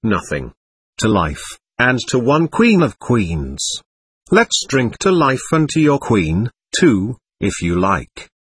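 A man voicing an excitable, melancholy young man who rambles through toasts and gloom. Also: mid-range voice, slow pace, husky, full character voice. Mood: brooding.

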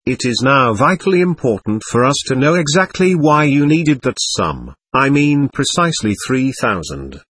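A man's voice: medium pitch, very animated, normal speed, hardly any pauses, a bit bright, breathy edge, no echo. Man reading a cool, insistent prosecutor. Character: keen, watchful male prosecutor.

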